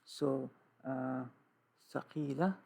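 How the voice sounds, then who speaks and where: A man teaching an Arabic grammar lesson, slow and repetitive, drilling terms with many "okay"s. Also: mid-range voice, fairly even intonation, vocal fry, a little mellow, breathy edge. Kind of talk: classroom lesson with writing.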